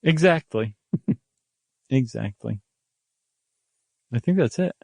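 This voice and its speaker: Podcast co-host, man, chatty and jokey, mid-pitched, dry studio sound. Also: slow, gravelly, dry recording. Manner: chatty, animated, joking. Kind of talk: casual chat.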